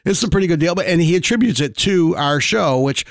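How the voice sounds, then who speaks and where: Man podcast host, casual chat, swears a lot, repeats words, slightly high voice, dry sound. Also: expressive, a little fast, no echo. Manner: swears often, stammers on restarts.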